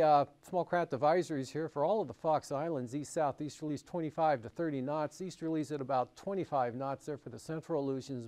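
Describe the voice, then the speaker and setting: A man's voice: a little high, dark tone. A man with an American accent presenting a broadcast marine and weather forecast, talking it through loosely with frequent fillers.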